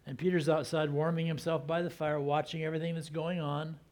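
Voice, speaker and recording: A man preaching a sermon like he is telling a story to friends, acting out the people in it. His voice sits a little high for a man. He often slows down and drops to a soft, hushed tone to drive a point home. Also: little pitch movement. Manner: conversational storytelling, acting out quotes. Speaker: pastor.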